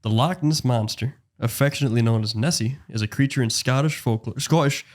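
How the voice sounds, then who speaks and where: A man's voice: mid-range voice, a little fast, darkish tone. A young man co-hosting a casual podcast, jokey and reading his notes aloud with stops and restarts. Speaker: podcast co-host.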